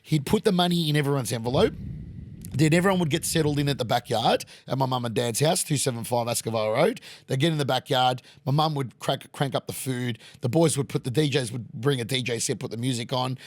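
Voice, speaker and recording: An Australian man in his thirties, a podcast guest sitting in a pub, tells a casual story at a brisk clip in a medium-pitched voice. He swears freely and acts out the people in his tales. The recording is dry.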